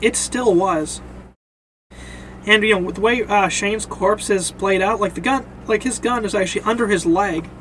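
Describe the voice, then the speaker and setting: A young man with a high voice casually talking through a comic book review. He rambles, repeats himself, and leans on fillers. There is a faint hiss of noise behind him. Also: moderate pace, a bit bright, rough recording.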